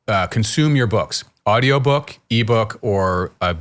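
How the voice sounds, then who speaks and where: A man's voice: fairly low pitch, animated, a little slow, a bit bright. A middle-aged man hosting a podcast, chatting and telling stories loosely with frequent restarts. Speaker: podcast host. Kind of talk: casual conversational interview.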